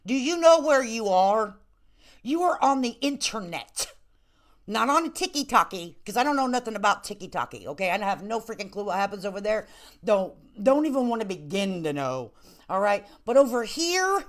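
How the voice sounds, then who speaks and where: A woman's voice: mid-range voice, big pitch swings, normal speed. A woman hosting a casual live-stream commentary, talking in a sassy, blunt, teasing way. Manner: sassy, blunt, playful scolding.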